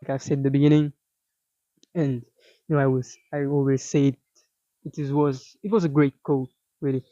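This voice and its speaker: A man's voice: mid-range voice, fairly even intonation, normal speed, long pauses, dark tone, dry recording. A young man giving an intense, profane motivational monologue for his fitness vlog, rambling with lots of fillers. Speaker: fitness vlogger. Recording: dull lo-fi dry sound.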